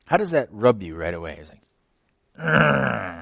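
A man's voice: fairly low pitch, very animated, quick pace, darkish tone, slight background noise. A male preacher giving an emphatic sermon, repeating words and asking the congregation rhetorical questions.

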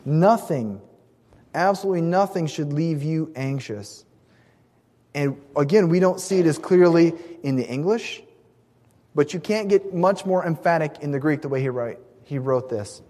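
Preaching in a hall with long reverb, this pastor has a voice on the high side that sounds mellow and animated at a normal speed. He is earnest and emphatic, punching key words and now and then beginning a phrase again.

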